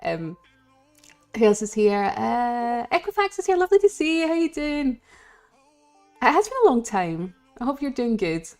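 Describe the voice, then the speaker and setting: A woman's voice: a little high, sing-song, normal speed, darkish tone, soft background music. A Scottish woman chatting casually with viewers on a live game stream, rambling and giggling as she greets people.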